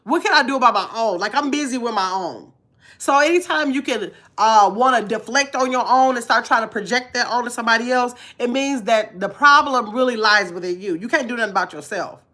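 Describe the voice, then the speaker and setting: A woman's voice: fairly high pitch, fairly quick, sharp tone. A woman in her fifties with a nasal voice, talking bluntly to her viewers in a casual live stream and reading their comments aloud. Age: 50s. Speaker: vlogger.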